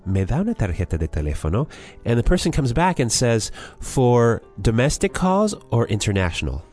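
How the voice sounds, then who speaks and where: A man's voice: medium pitch, very animated, fairly quick, a little mellow, faint music behind. A man hosting a language lesson, asking his co-host questions in a friendly way and laughing often. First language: English.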